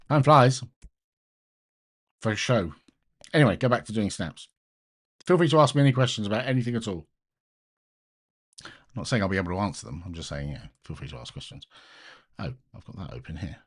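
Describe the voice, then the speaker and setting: A man's voice: on the low side, sing-song, moderate pace, pauses often. A middle-aged British man with a British accent, rambling casually to live-stream viewers as he works through open source maintenance at his computer, often breaking off mid-sentence. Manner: rambling, self-interrupting, chatty with viewers. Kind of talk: casual live-stream chat while coding.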